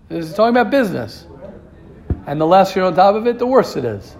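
High-voiced man teaching an informal Torah class. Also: sing-song, quick pace, darkish tone. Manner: repetitive, rhetorical questions, restarts.

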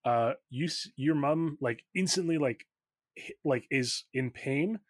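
A man running a tabletop game as game master, narrating quickly and loosely with plenty of likes and ums. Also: mid-range voice, dry recording, studio quality.

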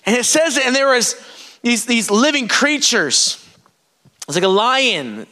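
A man delivers a fervent sermon, his voice pitched very high for a man. His tone is bright and forceful, and he breaks into sudden shouts as he preaches. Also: very animated, a little slow. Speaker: pastor.

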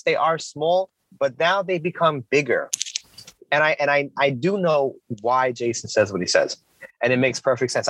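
Male podcast co-host, a little high-pitched, halting and rambly, dry close sound. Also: fairly bright tone, no echo, low-quality recording. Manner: halting, repeats words, rambling. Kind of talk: casual podcast chat.

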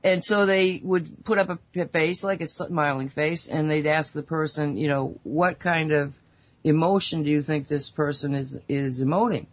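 Speaking at a moderate pace in a voice that sits low, a woman co-hosts a casual spiritual radio talk show. Using an online call mic, she tells animated, rambling stories with many asides.

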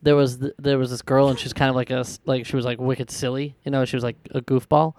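A man's voice: mid-range voice, level tone, fast, a little mellow. A man on a podcast, telling a school story in a blunt, plain way. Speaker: podcast co-host. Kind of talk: casual storytelling chat.

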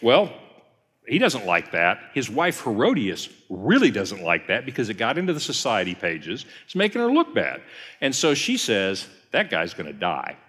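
A man's voice: medium pitch, wildly swooping pitch, moderate pace, fairly bright tone, slightly rough. A man preaching a conversational teaching sermon as a pastor, telling the story and acting out quoted lines. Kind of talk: teaching sermon, Bible study session. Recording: long hall reverb.

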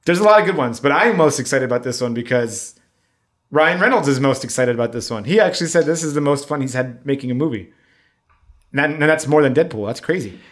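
Man, relaxed co-host, giggly, hesitant phrasing. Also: mid-range voice, fast. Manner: relaxed, laughs easily, hesitant. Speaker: podcast co-host. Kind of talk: casual chat.

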